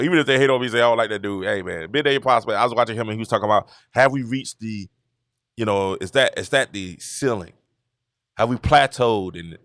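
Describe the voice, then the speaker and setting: A man from Georgia, hosting a casual sports talk stream and telling stories in an animated, repetitive way. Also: on the low side, no room sound, clean studio sound. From Georgia, USA. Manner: animated, repetitive storytelling with laughs. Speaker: show host. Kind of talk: casual commentary livestream.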